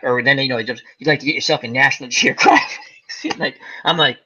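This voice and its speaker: A man's voice: medium pitch, moderate pace, slightly rough, dull audio. A man hosting a casual chat, telling stories animatedly and acting out the quotes. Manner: animated storyteller, acts out quotes. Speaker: host.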